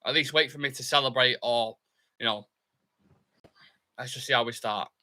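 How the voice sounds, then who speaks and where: Young man, very bright voice, chatty live football watchalong host, reads comments, excitable bursts. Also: medium pitch, normal speed. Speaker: fan channel host.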